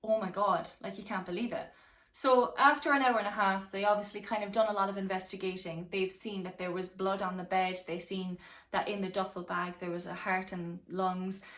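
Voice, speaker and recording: A woman's voice: mid-range voice, steady tone, fairly quick, a bit bright. Rambling, profane woman recounting a crime. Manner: rambling, profane, many fillers. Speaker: true crime vlogger. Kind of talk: casual true crime storytelling. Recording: roomy echo, mic at a distance.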